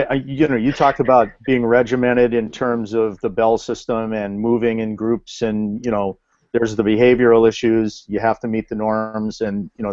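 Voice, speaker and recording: Measured man arguing over a video call. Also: fairly low pitch, darkish tone, no room sound. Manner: measured, explanatory, building an extended argument. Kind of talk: casual video call discussion. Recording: dull dry video call audio.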